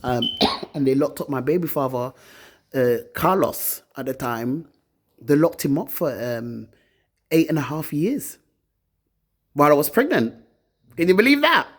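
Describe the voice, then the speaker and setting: A woman delivers a bitter, profane rant straight into her phone camera. Her voice sits low and husky, but it swings wildly up and down as she accuses and complains. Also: lively intonation, a little slow, long pauses. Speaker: vlogger. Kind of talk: angry personal rant to camera.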